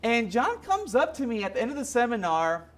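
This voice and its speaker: A man giving a motivational seminar talk, telling stories in an animated way. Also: very high-pitched, a little fast. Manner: animated storytelling with acted quotes. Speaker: motivational speaker.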